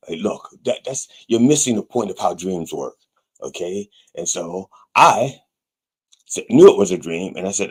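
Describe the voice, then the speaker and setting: A man hosting a comic sermon show, rambling with wry, deadpan asides. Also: sits low, moderate pace, slightly rough. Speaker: pastor and show host.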